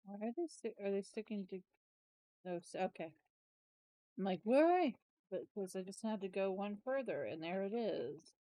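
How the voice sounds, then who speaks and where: A woman's voice: mid-range voice, moderate pace, warm tone, no echo. A woman chatting casually through a planner walkthrough, tired and yawning, rambling and trailing off with self-corrections. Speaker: planner vlogger.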